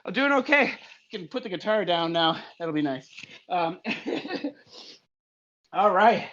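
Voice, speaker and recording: A man's voice: sits high, animated, slow, fairly bright tone, highs cut off. A man hosting a casual live podcast, out of breath as he introduces guests while riding an indoor bike. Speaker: podcast host.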